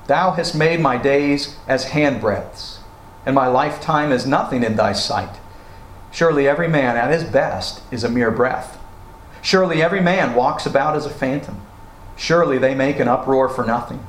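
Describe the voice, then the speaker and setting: A male pastor preaches at an unhurried pace, his voice sitting a little higher than most men's. He acts out the quoted prayers with feeling, and the sound carries a roomy echo. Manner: expressive, acts out quoted prayers with rising emotion. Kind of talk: sermon.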